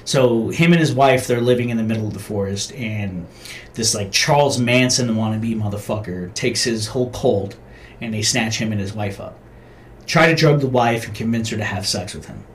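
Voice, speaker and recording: A man's voice: lowish voice, moderate pace, slight background noise. Profane rambling man in casual chat. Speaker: podcast co-host.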